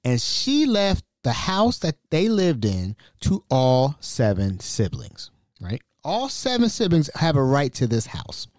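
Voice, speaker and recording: Male podcast host, casual storyteller, expressive swooping pitch, exasperated, dry close mic. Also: slow, no echo. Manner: animated, exasperated retelling.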